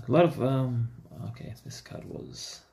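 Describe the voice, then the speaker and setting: A man's voice: medium pitch, vocal fry, mellow, slight background noise. A man giving casual, chatty commentary to himself as he opens trading card packs. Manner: talks to himself, easygoing and chatty. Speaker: card-opening vlogger.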